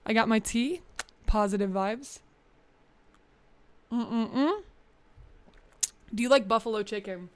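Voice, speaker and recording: A young woman VTuber rambles through her live stream in a relaxed, scattered way, reading chat aloud and laughing often. Her smooth, clear voice is a little high and a bit out of breath, and she takes her time with frequent pauses. The recording is close and dry, without any room echo.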